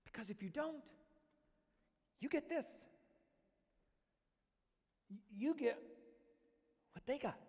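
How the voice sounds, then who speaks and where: High-voiced, blunt, sarcastic male preacher. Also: lively intonation, slow pace, pauses often, darkish tone, in a large hall. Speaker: pastor. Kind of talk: sermon.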